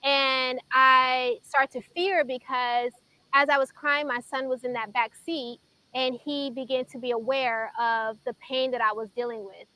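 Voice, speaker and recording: A woman in her thirties from Chicago recounts a personal testimony on a faith-centered talk show. Her voice sits high and bright. She tells it earnestly and emotionally, pausing often. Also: fairly even intonation, no echo, low-quality recording. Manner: earnest, emotional storytelling with pauses. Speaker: guest sharing her testimony.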